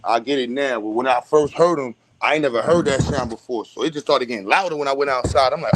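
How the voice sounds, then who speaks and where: A young adult man, hosting a casual livestream rant, loud and profane, streaming from a phone at home. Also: mid-range voice, fast, few pauses, noisy background. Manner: loud, animated, profane storytelling with bursts of laughter. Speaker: stream host. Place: at home, moving between a room and the doorway outside.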